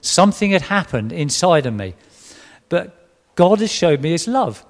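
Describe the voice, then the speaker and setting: A man's voice: on the high side, very animated, moderate pace. A man giving an earnest, emotional personal testimony, often restarting his sentences. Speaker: church member giving testimony. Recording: long hall reverb.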